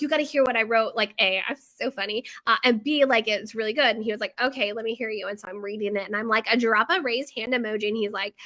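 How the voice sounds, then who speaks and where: A chatty middle-aged woman hosting a casual live video. Her voice is bright and forceful and sits a little high. She rambles through stories with lots of fillers and quick asides. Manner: chatty, animated storyteller with frequent fillers. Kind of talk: casual live-stream chat.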